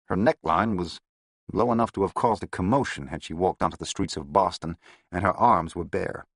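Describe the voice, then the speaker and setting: Low, husky male audiobook narrator. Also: moderate pace, no room sound, clean studio sound. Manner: steady, descriptive first-person reading.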